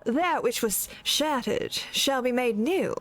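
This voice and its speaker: A woman voicing a sinister male cult leader with a put-on Southern drawl, speaking slowly and ominously. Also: on the high side, animated, fairly bright tone, exaggerated voice. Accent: put-on American Southern. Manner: slow, ominous delivery. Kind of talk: reading game dialogue aloud.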